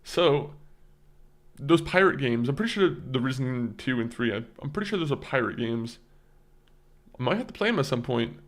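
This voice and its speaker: A man's voice: medium pitch, animated, normal speed. A young man chatting casually with viewers on a live stream, rambling and often stammering and repeating words.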